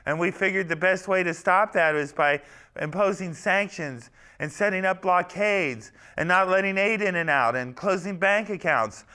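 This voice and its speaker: A man's voice: high-pitched, normal speed, pushed and bright, clean tone. A man hosting a parody show, delivering a profane political rant to his folks. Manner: ranting, profane, keeps saying folks. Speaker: host of a parody talk show.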